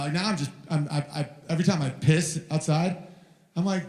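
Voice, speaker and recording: A man in his thirties doing a rambling stand-up comedy set on stage, telling stories about his toddler and shouting the child's lines in a high voice. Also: fairly even intonation, brisk. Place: live venue with audience. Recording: roomy live venue sound.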